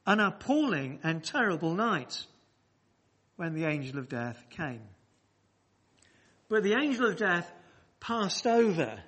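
A man's voice: a little high, a bit bright. A man preaching a sermon to his congregation, emphatic and repeating phrases for weight, speaking directly to the people in the church.

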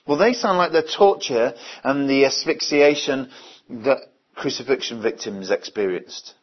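Male preacher, mid pitch, husky voice, earnest sermon full of rhetorical questions, dull lo-fi recording. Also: a little slow.

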